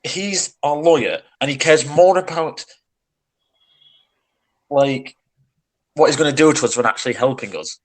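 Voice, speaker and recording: A man's voice: on the high side, measured pace, long pauses, rough recording. Agitated man ranting. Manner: agitated, ranting, many restarts and sighs. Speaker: podcast co-host. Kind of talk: casual chat.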